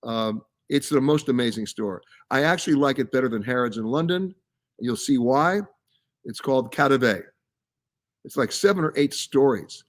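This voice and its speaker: A man's voice: medium pitch, moderate pace. Chatty travel show host, man. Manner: chatty and emphatic, reads out viewer comments and answers them. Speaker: travel show host answering viewer questions. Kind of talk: casual live-stream chat. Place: live from a science center.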